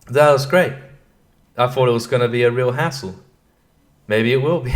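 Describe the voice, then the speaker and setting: A man's voice: medium pitch, normal speed, pauses often. A man hosting a casual solo podcast from his computer at home, rambling, breaking off mid-thought and laughing at himself. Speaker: podcast host. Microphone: computer microphone at his desk.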